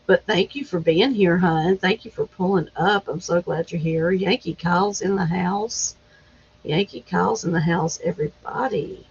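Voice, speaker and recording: A woman's voice: on the low side, measured pace, breathy edge. A woman hosting a casual live chat, greeting viewers by name and laughing easily. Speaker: livestream host. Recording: dull lo-fi stream audio.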